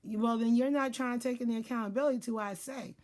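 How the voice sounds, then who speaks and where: A woman's voice: a little high, steady tone, fast, darkish tone. A woman giving casual life advice in a blunt, profane monologue, acting out what people say. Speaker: life and spiritual advisor.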